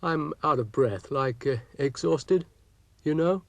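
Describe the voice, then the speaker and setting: A man's voice: a little high, slow, dry recording, voice pushed up. A man voicing a laid-back male rabbit who drawls sleepily. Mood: drowsy. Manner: drawling, mellow.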